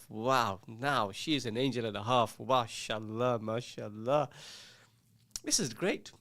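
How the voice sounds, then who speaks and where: A man's voice: medium pitch, normal speed, fairly bright tone, dry recording. A man hosting a community radio call-in show, teasing listeners and reading out their messages in a casual, jokey way. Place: radio studio.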